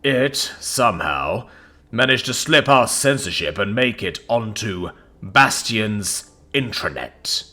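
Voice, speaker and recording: A man doing a booming mid-Atlantic god-king. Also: big pitch swings, pushed and bright, exaggerated voice. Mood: grandly menacing. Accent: affected mid-Atlantic. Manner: booming, drawn-out, theatrical. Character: grandiose male god-king emperor, menacing charm.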